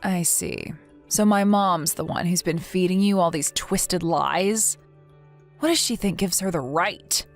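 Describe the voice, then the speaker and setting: A woman's voice: lowish voice, unhurried, soft background music. A woman voicing a caring, outspoken young woman who talks firmly and reassuringly, in a text-message story reading. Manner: firm and reassuring.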